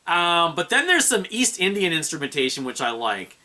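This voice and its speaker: A man talks his way through an album review in a loose, rambling manner. He uses lots of fillers and restarts. His voice sits a bit high and sounds very bright. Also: very animated, moderate pace. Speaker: music reviewer.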